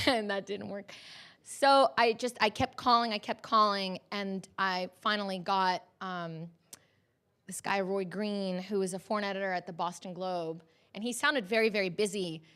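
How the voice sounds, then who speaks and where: A journalist in her thirties tells a personal story on camera in a lively way, laughing often and acting out the people she quotes. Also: mid-range voice, a little slow, clear, resonant tone.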